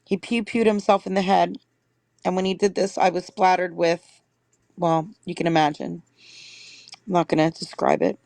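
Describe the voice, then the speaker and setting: A woman's voice: lowish voice, little pitch movement, normal speed, pauses often, darkish tone, no room sound. A woman hosting a livestream, reading viewers' written stories aloud and stopping now and then to correct herself. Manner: reads steadily, stops to correct herself.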